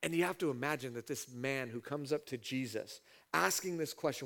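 A man preaching a sermon as pastor, animated and building to emphatic peaks, dramatizing scripture with voiced asides. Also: fairly high pitch, normal speed, gravelly.

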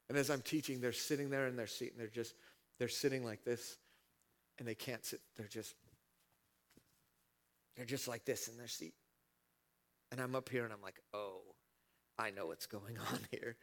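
Man, pastor, sermon, mid-pitched voice, hushed then shouting, dramatic storytelling. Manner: dramatic swings from hushed to shouting, acting out scenes.

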